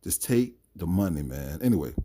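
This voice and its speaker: A man's voice: sits low, big pitch swings, moderate pace, dark tone, slightly rough. A man giving his opinion in a solo boxing commentary vlog, emphatic and rambling with fillers.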